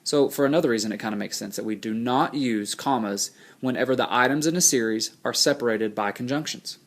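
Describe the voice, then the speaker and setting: A man with a mid-range voice teaches a recorded grammar lesson, laying out rules plainly and slowing down to read example sentences aloud.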